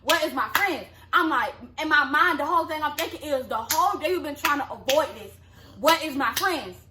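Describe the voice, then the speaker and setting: A young woman telling a story in casual chat, animated, acting out quotes in a high yelling voice. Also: a little fast. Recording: echoey room with clear background noise.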